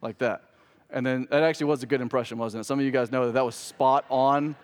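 A male pastor preaching a sermon in a church, emphatic and humorous, with dramatic pauses. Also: mid-range voice, steady tone. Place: church sanctuary. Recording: long church-hall reverb.

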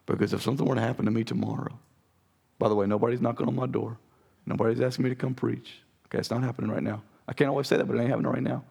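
A man preaching a sermon as pastor, with a raspy voice, earnest and direct with his congregation. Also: medium pitch, darkish tone. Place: church sanctuary.

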